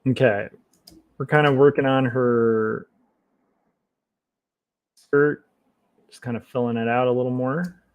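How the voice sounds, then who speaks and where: Slow, easygoing man thinking aloud. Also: medium pitch, clear, resonant tone. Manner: thinks aloud, relaxed and self-mocking. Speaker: comic artist streaming his work. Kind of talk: casual livestream commentary while drawing.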